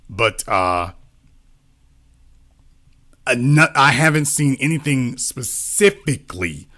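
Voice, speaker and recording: A man's voice: mid-range voice, sharp tone. A man talking as a political commentator in a casual discussion, often repeating himself and asking rhetorical questions.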